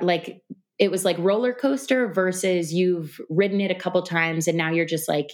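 Reflective woman, lowish voice. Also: fairly even intonation, measured pace. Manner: reflective, with many fillers. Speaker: podcast guest, mother. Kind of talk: casual interview conversation. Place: New York City.

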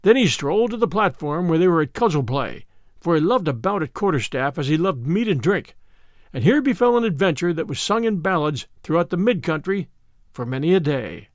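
A man narrating a classic adventure tale as an audiobook, reading in an expressive, theatrical way. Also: fairly high pitch, brisk, no room sound, clean studio sound.

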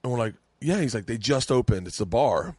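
Relaxed male podcast host, mid-pitched voice, dry close mic. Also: fairly quick, breathy edge, no echo. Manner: laid-back, chatty, swears freely. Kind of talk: casual chat.

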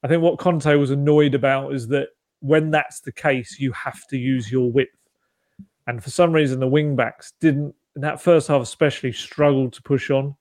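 A man's voice: mid-range voice, fairly even intonation, moderate pace, darkish tone, dry recording. A man co-hosting a football podcast, chatting casually with lots of restarts and asides. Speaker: podcast co-host.

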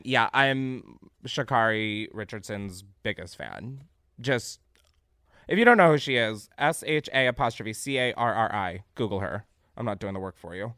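Animated comedic podcast host, man. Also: medium pitch, clean tone, no room sound, studio quality. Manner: animated, swears freely, laughs often, reacts loudly to what he reads.

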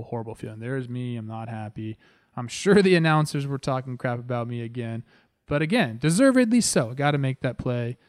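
A man in his thirties hosting a podcast, telling a story in a casual, animated way. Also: medium pitch, clear, resonant tone, dry recording, clean studio sound. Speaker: podcast host.

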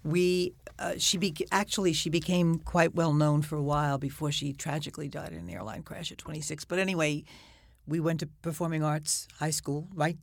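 An older woman, a guest, telling a lively anecdote in a podcast conversation. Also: low voice, moderate pace, vocal fry, no echo, clean studio sound. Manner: chatty, animated storyteller who acts out quotes. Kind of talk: anecdotal storytelling.

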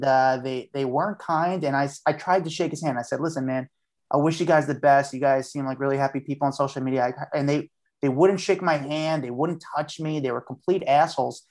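A man's voice: fairly high pitch, darkish tone. A man as a podcast guest, a street journalist telling a story in a chatty way and acting out what he said at the time. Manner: chatty, acts out his own past lines. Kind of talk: casual storytelling.

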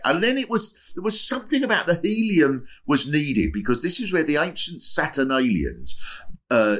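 A man's voice: a little high, big pitch swings, normal speed, fairly bright tone. An older man hosting a comedy podcast, riffing chattily and mocking himself, slipping into silly voices for quotes. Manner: chatty, self-mocking, breaks into laughter; puts on comic voices for quotes. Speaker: podcast host. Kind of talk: comic monologue.

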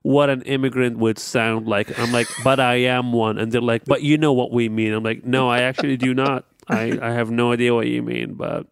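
A man in his thirties, first language not English, chatting loosely on a podcast. His voice is gravelly yet smooth. The sound is close and dry. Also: mid-range voice, steady tone, a little fast, hardly any pauses, no room sound. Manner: talks in loose restarts, often opening with "I'll say this". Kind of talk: casual chat.

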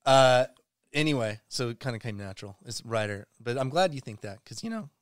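A man who is a snowboard photographer speaks as a podcast guest, easygoing and quick to laugh. His voice sits at a middle pitch and sounds smooth. The sound is dry and close. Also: lively intonation, dry recording. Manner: easygoing, laughs along while talking. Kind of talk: casual podcast chat.

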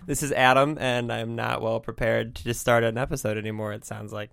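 A man's voice: mid-range voice, level tone, a little fast, gravelly, fairly bright tone, smooth. A man hosting a podcast in casual chat, rambling and self-deprecating, laughing often. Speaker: podcast host.

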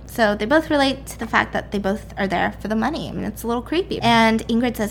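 A woman's voice: fairly high pitch, fast, creaky, hardly any pauses, a little hiss or hum. A woman casually retelling a story, rambling and self-correcting, acting out the characters' lines and swearing now and then. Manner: animated, acts out characters' lines in quotes. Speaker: storyteller recapping a book.

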